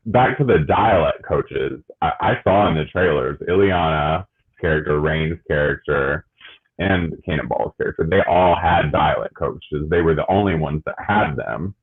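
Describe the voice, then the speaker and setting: A man co-hosting a casual podcast chat, speaking haltingly and restarting often. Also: low-pitched, husky, phone-quality sound. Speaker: podcast co-host.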